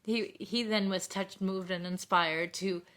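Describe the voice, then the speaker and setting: A woman's voice: mid-range voice, steady tone, a little slow, fairly bright tone. A woman live streamer in casual, rambling chat with her viewers, often stopping to thank them.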